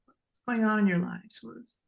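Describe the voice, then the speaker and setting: A woman host interviewing a guest, asking questions in a gently reflective way. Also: mid-range voice, steady tone, moderate pace, gravelly, highs cut off. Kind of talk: conversational interview.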